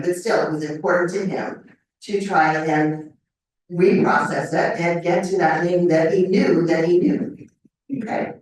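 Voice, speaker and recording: Older lady giving a talk, lowish voice, keeps asking "okay?", far from the mic in a really echoey room. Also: darkish tone. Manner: conversational, checks in with "okay?". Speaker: memory lecturer. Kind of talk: live lecture to an audience. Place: lecture room. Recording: echoey hall mic from a distance.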